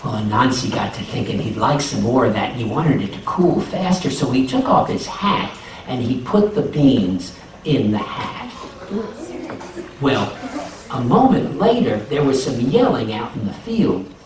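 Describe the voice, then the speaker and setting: A man telling a folk tale live to schoolchildren, animated and asking them questions, recorded from a distance. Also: unhurried. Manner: animated, asks the children questions, voices rise high in excitement. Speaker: storyteller and folk singer. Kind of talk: live storytelling for children. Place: school room with a child audience. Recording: echoey room from far off, noisy.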